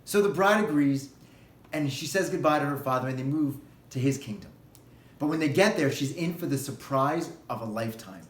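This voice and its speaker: A man who, as a rabbi, gives a holiday sermon and tells a parable in an animated storytelling way. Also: medium pitch, moderate pace, reverberant.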